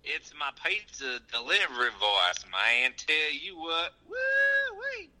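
A man's voice: a little high, wildly swooping pitch, takes it slowly, bright, forceful tone, full character voice, poor audio. A man voicing a twangy Southern redneck pizza clerk with an exaggerated, hollering put-on accent. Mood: hammy.

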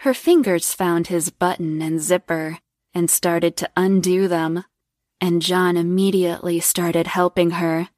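A woman reading an adult story aloud in an even, measured storytelling manner. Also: on the low side, no room sound, studio quality. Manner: slow, even storytelling read. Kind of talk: scripted adult story narration.

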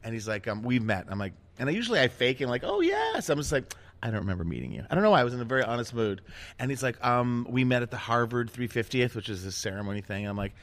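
A middle-aged man hosting a casual chat, telling self-mocking stories in a lively, animated way. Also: medium pitch, very fast. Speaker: host.

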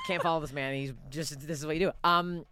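A woman's voice: low-pitched, normal speed, noisy background. A woman comedian co-hosting a podcast, telling self-mocking stories in casual chat. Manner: animated, self-mocking storyteller.

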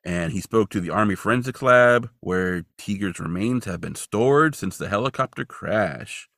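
Low-voiced man recapping casually. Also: normal speed, gravelly, fairly bright tone, no echo, clean studio sound. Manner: loose, uses "like" a lot. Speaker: podcast co-host.

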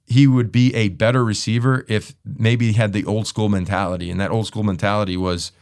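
A man co-hosting a casual sports podcast, telling stories with energy and often jumping into mimicking voices. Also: brisk. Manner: animated storyteller, jumps into high mimicking voices.

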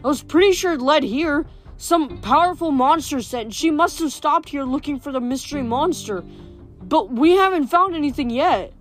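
A woman's voice: sits high, expressive, normal speed, faint music behind, pitched above the performer's own voice. A woman reading a book aloud, voicing a nervous teenage male satyr who stammers when flustered.

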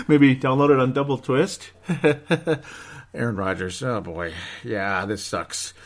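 A man's voice: mid-range voice, takes it slowly. Male solo sports host, casual and sarcastic, rambles with mock outbursts.

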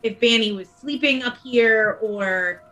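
A woman's voice: on the high side, a little slow, rough recording. A woman playing a tabletop game, thinking aloud in a hesitant way as she describes her character's moves. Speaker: player.

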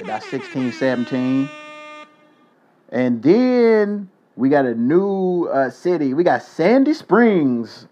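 A man's voice: medium pitch, lo-fi sound. Young man hosting a loose, profane podcast. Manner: loose, joking, profane shout-outs. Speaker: podcast host. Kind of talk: casual solo podcast.

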